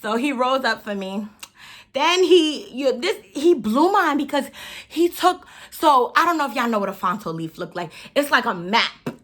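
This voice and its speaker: A young woman, telling a story in a casual, profane, animated way while doing her makeup. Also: sits high, moderate pace. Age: 20s. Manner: animated, profane, laughs often, acts out her own quotes. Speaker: beauty vlogger.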